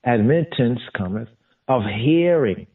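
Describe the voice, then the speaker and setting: A man teaching scripture in a slow sermon style, restating each term in Hebrew and then English and drawing out key words. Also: medium pitch, expressive, husky. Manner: repeats terms in Hebrew and English, drawn-out emphasis. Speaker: teacher of Torah study. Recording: tinny phone-like audio from a distance.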